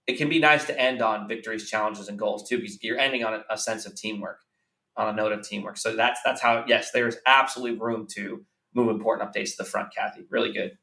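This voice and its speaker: A man's voice: on the low side, steady tone, fast talker, creaky, bright, forceful tone. A man giving earnest business advice in a podcast interview, repeating key phrases for emphasis. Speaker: business coach guest. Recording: roomy, slightly distant mic.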